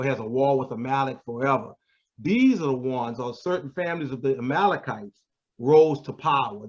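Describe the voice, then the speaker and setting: A man in a religious panel discussion, pushing back emphatically and repeating words as he goes. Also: on the high side. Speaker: panel speaker. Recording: dull lo-fi sound.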